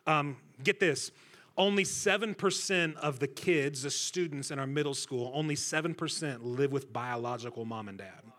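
Guest preacher, man, bright forceful tone, slightly high voice, jokes with the room. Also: normal speed. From Centralia, Illinois. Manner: energetic, joking, talks with the crowd. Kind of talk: sermon. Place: church stage before a congregation.

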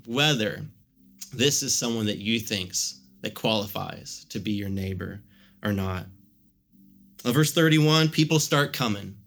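A man's voice: mid-range voice, a bit bright. A man preaching a sermon in a casual, conversational way, telling a story with lots of "like" fillers. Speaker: pastor.

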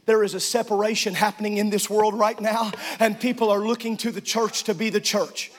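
A man, a pastor, preaching a sermon in a church, shouting and swinging into sing-song cadences. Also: high voice, flat delivery, brisk, slight background noise.

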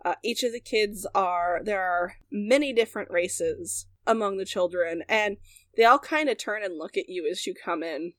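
A woman's voice: mid-range voice, no room sound. Woman game master, dry close sound. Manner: relaxed, unhurried narration with hesitations. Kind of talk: narrating a tabletop game.

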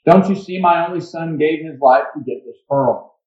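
A man reading the lines of an old Indian pearl diver and grieving father in a slow, earnest storytelling voice. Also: a little high, darkish tone, voice pushed up, close to an everyday voice. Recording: dull echoey church recording.

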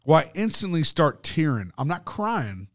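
A man's voice: a little high, very animated, normal speed, dry recording, clean studio sound. Profane, rambling podcast co-host, a man. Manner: profane, rambling, lots of fillers. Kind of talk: casual storytelling chat.

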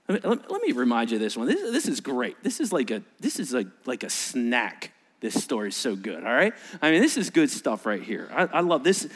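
A middle-aged male pastor preaching a sermon, animated, acting out voices from the story and often repeating himself. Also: medium pitch.

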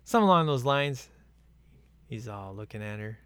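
A man's voice: medium pitch, lively intonation, moderate pace, a bit bright, clean tone, no echo. A man in casual, rambling chat as he watches a film at home, laughing often. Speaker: movie commentary viewer.

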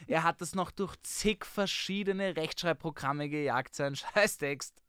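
A man's voice: a little high, a little slow, bright, forceful tone, smooth, no room sound. A man with an Austrian accent, co-hosting a casual podcast with dry jokes. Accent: Austrian German. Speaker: co-host.

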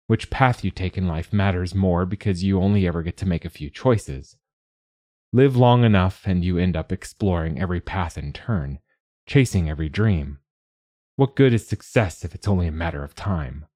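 A man's voice: sits low, moderate pace, dark tone, no room sound, clean studio sound. A man reading the lines of a self-assured, commanding woman in an exoskeleton. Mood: wistful. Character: confident, imposing woman in an exoskeleton.

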